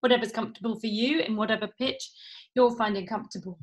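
A woman, a vocal coach leading a guided vocal warm-up at home, playful and encouraging. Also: on the high side, steady tone, quick pace. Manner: encouraging, playful instruction with demonstrated sounds. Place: home, indoors.

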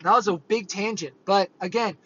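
Guy preaching casual and earnest, kinda rambly, bright tense voice, dull lo-fi sound. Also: high voice, normal speed. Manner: earnest, conversational, rambling with fillers. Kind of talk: informal sermon. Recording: dull lo-fi audio.

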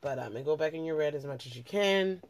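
This beauty vlogger has a low-sitting voice and talks fast and animatedly. She's a young woman narrating a makeup tutorial as she goes, chatty and often stopping to correct herself.

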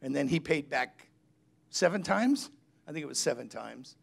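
Gravelly middle-aged preacher guy, chatty stories with voices. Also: on the high side, lively intonation, a little fast. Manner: chatty storytelling, acts out quotes. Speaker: pastor. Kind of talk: sermon.

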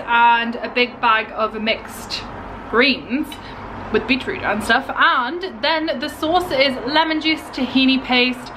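A young woman, chatting in a rambling, giggly way through a life-update vlog at home. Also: sits high. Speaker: vlogger. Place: home kitchen, indoors. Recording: noisy home camera recording.

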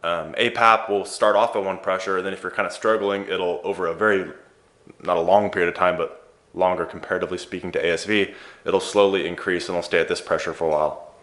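A man's voice: deep voice, steady tone, fast talker, a bit bright. A man hosting an advice channel, giving a casual explainer with chatty, playful joking asides. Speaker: host of a sleep therapy advice channel.

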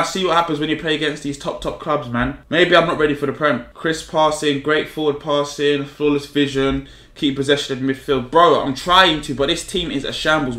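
A young man commentating live on his own football video game, animated, pleading and exasperated, full of slang. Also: fairly high pitch. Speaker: gaming YouTuber. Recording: echoey room with music behind.

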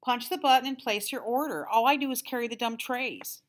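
Woman playing a snippy bored teen car hop girl, higher and louder. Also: fairly quick, close to an everyday voice. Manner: snappish, dismissive. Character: bored, curt teenage drive-in car hop.

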